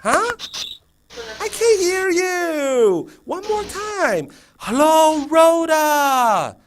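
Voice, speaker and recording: A man voicing an overexcited kindergarten teacher with high, sing-song shouted greetings. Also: very animated, very slow, noisy background, exaggerated voice. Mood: exuberant.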